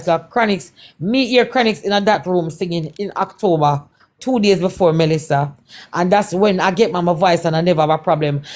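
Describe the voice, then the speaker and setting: A Jamaican woman telling a personal testimony as a guest, in Patois-laced speech, repeating herself and acting out the dialogue in her story. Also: mid-range voice. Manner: Patois-laced, repetitive retelling with quoted dialogue. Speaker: guest performer.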